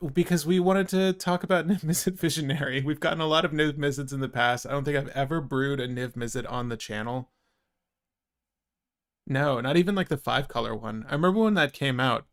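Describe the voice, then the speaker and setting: A man's voice: a little high, fairly quick, fairly bright tone. A young man hosting a casual card game stream, joking, laughing often and rambling between topics. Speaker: host.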